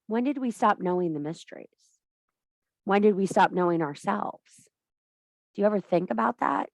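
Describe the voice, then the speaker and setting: A woman's voice: medium pitch, animated, moderate pace, vocal fry, dry recording. A woman giving an impassioned, blunt and profane talk to a women's circle as a spiritual teacher. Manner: blunt, profane, emphatic preaching.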